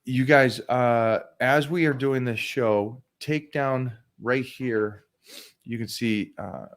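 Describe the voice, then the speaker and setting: A man in his sixties hosts a casual chat, speaking at a medium pitch. He rambles emphatically, often repeating himself and restarting sentences. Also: takes it slowly. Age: 60s. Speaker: show host.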